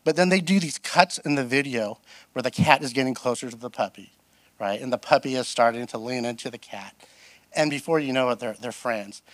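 Talking a little fast in a mid-range voice on a dry recording, a middle-aged guest pastor shares funny personal stories in his sermon. His delivery is animated and self-deprecating, and he acts out the voices he quotes.

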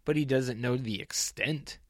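A man co-hosting a casual TV recap podcast, measured and reasonable, explaining the other side calmly. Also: mid-range voice, dry recording, clean studio sound. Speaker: podcast co-host.

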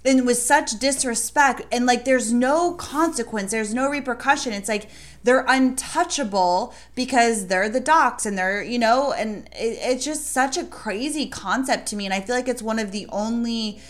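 A woman's voice: on the high side, moderate pace. Emphatic, outspoken woman in casual chat. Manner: emphatic, swears freely, outraged.

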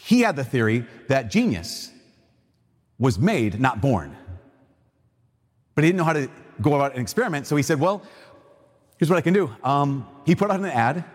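A man giving a casual, animated sermon, retelling a Bible story and acting out its voices. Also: mid-range voice, normal speed, long pauses. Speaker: preacher. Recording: long reverb in a large hall.

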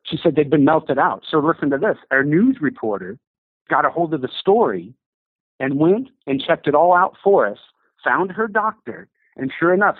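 A man telling an animated story of faith as an interview guest, acting out the voices of the people he quotes. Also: a little high, dry recording. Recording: dry, tinny phone-like audio.

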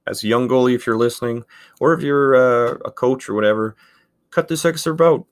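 A man's voice: mid-range voice, brisk. A man in his thirties who hosts a podcast, telling a story in a casual, rambling way with lots of filler words. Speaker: podcast host, handball goalkeeper.

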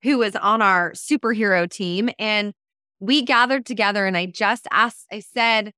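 A woman co-hosting a podcast as a coach, telling stories in a lively way and acting out quoted dialogue. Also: medium pitch, a little slow, smooth, dry recording, clean studio sound. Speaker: co-host and coach. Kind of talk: casual podcast storytelling.

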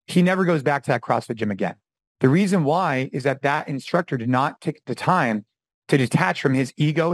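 A man in his forties talking casually as a podcast guest, telling stories with animated delivery and acting out quotes. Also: on the high side, no room sound, rough recording. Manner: animated storytelling, acts out quotes. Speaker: podcast guest, former fitness champion and gym owner. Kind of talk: casual interview talk.

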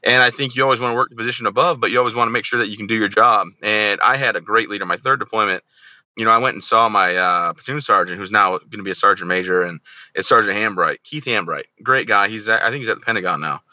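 A man's voice: fairly low pitch, fast, no room sound, muffled recording. A man in his thirties, an army veteran guest telling stories in a casual interview, joking and acting out the people he quotes. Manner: joking, animated storyteller who acts out quoted dialogue.

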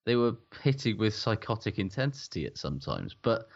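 Deep-voiced sweary rugby pundit. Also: male voice, sing-song, moderate pace, creaky, dull audio. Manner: blunt, sweary, emphatic. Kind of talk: casual sports podcast chat.

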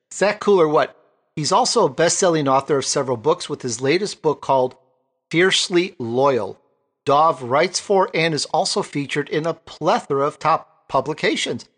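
A man's voice: on the high side, a bit bright. A man hosting a talk show, introducing guests with enthusiasm. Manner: enthusiastic, exclaiming. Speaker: host. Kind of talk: upbeat podcast hosting.

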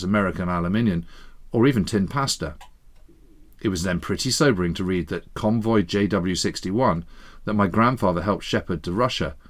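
A man reading a listener's family story aloud in a measured, earnest way on a podcast. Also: deep voice. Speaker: reader of listener letters.

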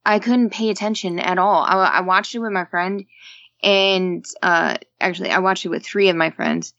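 A woman's voice: medium pitch, animated, normal speed, fairly bright tone, dry recording, muffled recording. A woman co-hosting a casual movie-review podcast who speaks bluntly and swears freely. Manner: blunt and profane. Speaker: podcast co-host.

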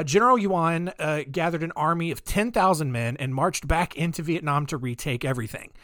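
A man's voice: high-pitched, fairly bright tone, no echo, studio quality. A male podcast host telling history stories in a joking, rambling way full of asides. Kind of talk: comedic history storytelling.

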